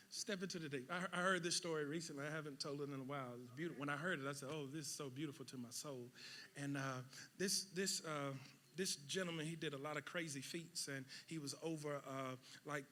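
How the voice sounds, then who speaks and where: A pastor preaching a sermon, swinging between loud shouted peaks and quiet asides. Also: male voice, on the high side. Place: church sanctuary with congregation.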